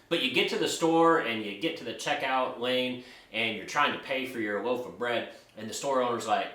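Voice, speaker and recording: A man's voice: medium pitch, a little fast, sharp tone. A man hosting a personal finance show, explaining ideas in a casual, conversational way through everyday examples. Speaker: personal finance YouTube host. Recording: roomy echo.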